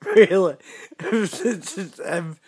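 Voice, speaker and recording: A man's voice: high-pitched, vocal fry, husky. A British man hosting a gaming channel, reacting to voicemails in a laid-back, swearing, laughing way. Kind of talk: casual reaction commentary.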